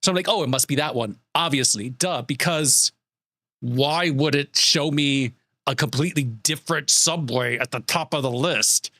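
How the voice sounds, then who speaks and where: Bright-voiced man ranting to his chat. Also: medium pitch, moderate pace, no echo, studio quality. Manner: exasperated, swearing, animated retelling. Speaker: streamer. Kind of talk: casual ranting story to chat.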